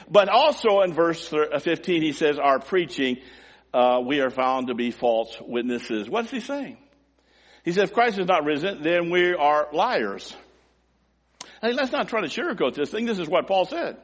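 A man preaching a sermon with emotional, emphatic delivery, swinging from loud, high-pitched emphasis down to quiet, low asides. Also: animated, normal speed, in a large hall.

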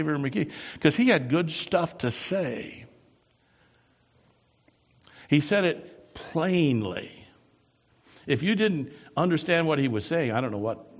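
Gravelly pastor preaching in a hall. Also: male voice, medium pitch. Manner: storytelling, swings from soft to loud emphatic bursts. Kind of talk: sermon. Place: church. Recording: long reverb in a hall.

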